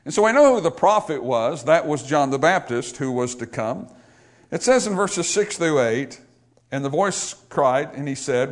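A male pastor with a somewhat high voice delivers a sermon in church. He rises into loud, pleading calls, then drops to soft, low asides. He keeps drawing the congregation in with questions. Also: animated, normal speed. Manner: preaching with big swings between loud high exhortation and quiet low asides.

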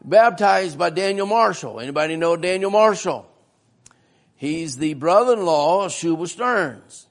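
Gravelly preacher man. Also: a little high, expressive, measured pace. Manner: folksy, asks the congregation questions. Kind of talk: sermon-style history lesson.

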